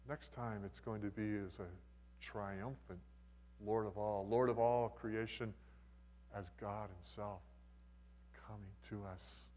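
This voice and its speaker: An older male pastor delivers a sermon in a conversational, folksy manner, slipping in humorous asides. His voice sits at a middling pitch, and a long hall reverb trails after each phrase.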